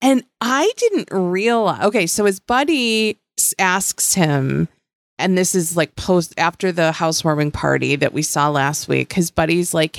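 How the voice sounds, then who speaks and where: A woman's voice: lowish voice, measured pace, gravelly, no room sound. A woman co-hosting a podcast in casual chat, blunt and profane, often trailing off and restarting her sentences. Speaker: podcast co-host.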